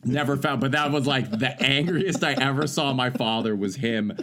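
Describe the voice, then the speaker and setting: A man's voice: mid-range voice, normal speed, fairly bright tone. A man hosting a podcast, telling rambling, profane stories full of fillers in casual chat. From Canada. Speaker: podcast host.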